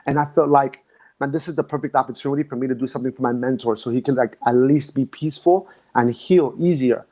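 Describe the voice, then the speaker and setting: A dance instructor, a man appearing as a guest, reminisces emotionally and reflectively in casual conversation, repeatedly restarting sentences. His mid-range voice is mellow, and he talks at a quick pace.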